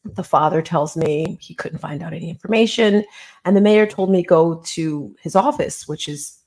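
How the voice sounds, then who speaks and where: A woman's voice: sits low, normal speed, a little mellow. A middle-aged woman, an interview guest and author, earnestly retelling a personal story in a conversational way and acting out the dialogue.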